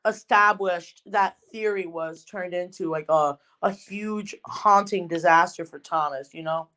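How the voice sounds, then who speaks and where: Rambling, excitable woman podcaster. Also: on the low side, measured pace. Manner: excitable, rambling with many fillers. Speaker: podcast co-host. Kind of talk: casual fan chat.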